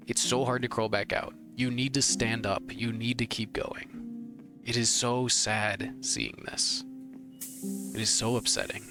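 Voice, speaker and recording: A young man giving emotional, rambling gameplay commentary, arguing with the characters on screen. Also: mid-range voice. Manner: rambling, heated, talks to the screen. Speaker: let's play gamer. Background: game music.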